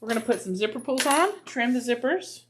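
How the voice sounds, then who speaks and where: A woman's voice: on the high side, animated, a little fast, noisy background. A woman hosting a live sewing stream from a home crafting room, chatting casually with viewers as she works. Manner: chatty, drops to soft asides, playful voices. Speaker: livestream host sewing bags.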